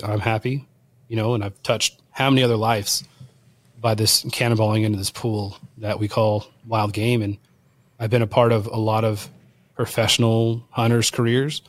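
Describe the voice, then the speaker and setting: A man's voice: on the low side, no echo. A man, a wild game chef, telling a personal story as a guest and acting out the voices of people he quotes. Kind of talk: storytelling in conversation.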